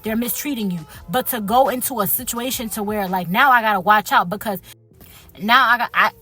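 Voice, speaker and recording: A woman's voice: a little high, fairly quick, pushed and bright, husky, soft background music. A young woman tells a personal story to her viewers in a casual vlog. She sounds earnest and hurt, stopping and restarting often and addressing them as "y'all.". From Liberia. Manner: speaks straight to viewers as "y'all". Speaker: healthcare worker telling her story.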